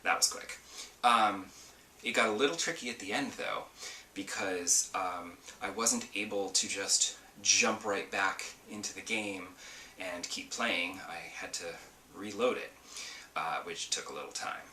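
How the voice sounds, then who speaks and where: Give me a deep-voiced man rambling through a casual podcast, recorded a bit far off in an echoey room. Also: measured pace, sharp tone, a little hiss or hum. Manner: rambling, chatty with many ums and asides. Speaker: podcast host. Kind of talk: casual solo gaming podcast.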